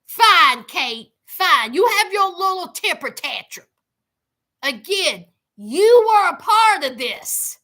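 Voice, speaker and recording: Casting: woman, very high bright voice, unhurried, sassy recap host. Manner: sassy, animated storytelling with quoted voices. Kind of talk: casual commentary.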